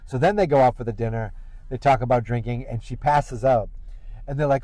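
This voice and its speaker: A man's voice: mid-range voice, fairly quick, dark tone, no room sound, poor audio. A man hosting a podcast, chatting casually while driving and recapping an episode in a rambling way. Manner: rambling, acts out quotes in raised voices. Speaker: podcast host. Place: car.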